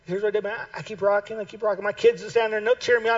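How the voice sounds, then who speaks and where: A man with a notably high voice preaches a sermon. He drives home his points by repeating phrases and swells into shouted calls to his listeners. The recording sounds dull and lo-fi. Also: animated, rapid-fire. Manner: impassioned, builds to shouted exhortation; repeats key phrases for emphasis. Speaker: pastor.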